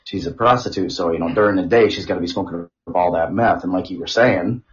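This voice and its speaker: A man's voice: low voice, fast. A man co-hosting a comedy podcast, loosely joking and giggling through crude banter. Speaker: podcast co-host. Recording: dull lo-fi audio.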